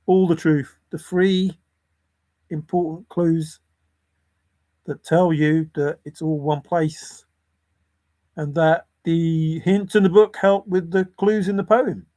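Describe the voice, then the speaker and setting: A man's voice: fairly high pitch, steady tone, slow, pauses often, warm tone. A man vlogging about a treasure hunt, rambling and giggling as he comments, repeating words and muttering to himself. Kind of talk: rambling commentary over video.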